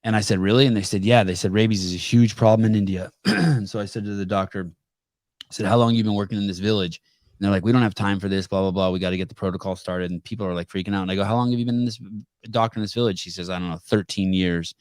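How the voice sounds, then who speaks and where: A man's voice: on the low side, fast, a little mellow, no echo, clean studio sound. A man hosting a live call-in podcast, telling stories bluntly and casually with some swearing. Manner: blunt storyteller with profanity. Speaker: podcast host. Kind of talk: casual call-in show chat.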